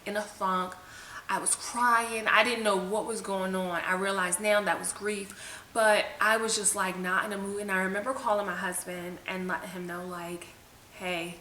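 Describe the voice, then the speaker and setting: A woman's voice: medium pitch, bright, forceful tone. A woman vlogger telling a personal story to the camera in a candid, emotional, conversational way. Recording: echoey room with faint hiss.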